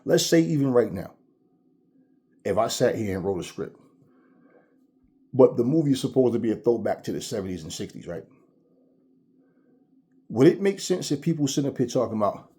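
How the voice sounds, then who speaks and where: A man hosting a commentary vlog, ranting in a blunt, profane, animated way. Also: mid-range voice, normal speed, pauses often. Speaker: channel host.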